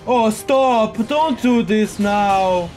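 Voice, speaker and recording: Excitable man yelling through a boss fight. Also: high-pitched, drawn-out words. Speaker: gaming video host. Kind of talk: live gameplay commentary. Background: faint game music.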